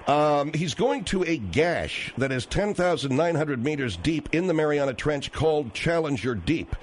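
A man's voice: fairly high pitch, expressive, moderate pace. A man hosting a talk radio show, patiently insisting on his facts with many fillers. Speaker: radio host.

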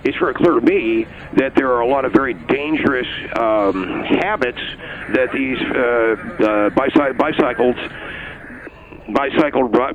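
A man playing an excitable, touchy police officer guest who stammers and flies into outbursts, in a comedy radio bit. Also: mid-range voice, lo-fi sound, lightly acted. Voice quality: stammering, gravelly. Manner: flustered, easily riled, outbursts. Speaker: comedic caller playing a cop.

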